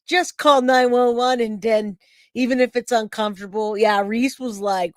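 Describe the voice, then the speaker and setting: A middle-aged woman hosting a true crime livestream, chatting casually and telling a story with lively acted-out quotes. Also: mid-range voice, moderate pace, no room sound, studio quality. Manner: chatty, animated storytelling, acts out quoted voices.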